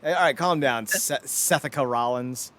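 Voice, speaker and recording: A man's voice: mid-range voice, a little slow. A man in his thirties hosting a podcast, chatting casually and joking with lots of laughter. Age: 30s. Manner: animated, joking, laughs often. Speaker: podcast host. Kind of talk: casual chat.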